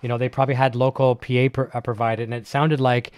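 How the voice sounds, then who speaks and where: A man hosting a live online show, chatting casually and excitedly while unboxing, with many fillers and restarts. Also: mid-range voice, fast, clean tone, no echo. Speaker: host of a live gear show.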